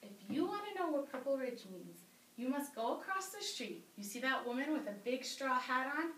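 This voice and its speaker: A friendly, amused stranger coaxes and teases, as a woman storyteller puts him on. The voice is high and bright. A distant microphone picks it up in a roomy space. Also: big pitch swings, moderate pace. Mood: coaxing. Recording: roomy, distant live-stage mic.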